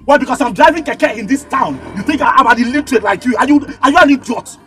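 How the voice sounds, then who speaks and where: An actor with a Nigerian accent playing a quick-tempered male keke driver who shouts insults. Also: very high-pitched, animated, soft background music. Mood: furious. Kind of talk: Nollywood film acting.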